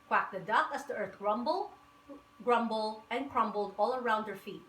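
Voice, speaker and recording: A woman reading a children's picture book aloud with lively, rhythmic, sing-song storytelling. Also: mid-range voice, normal speed, slight background noise. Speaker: storybook reader. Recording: echoey room.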